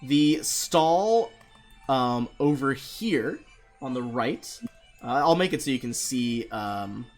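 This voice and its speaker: A man acting as game master for a tabletop game, narrating scenes and rules in a loose, laughing way. His pitch moves up and down a great deal as he talks. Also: slow pace, faint music behind. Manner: lively, laughing, loose descriptions.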